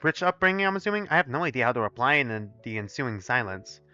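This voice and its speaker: A young man streaming his first playthrough of a visual novel, reading the text aloud and commenting to chat in an animated, profane way. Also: mid-range voice, quick pace, dull audio, faint music behind. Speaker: gaming streamer. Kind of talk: live let's play, reading aloud and commenting.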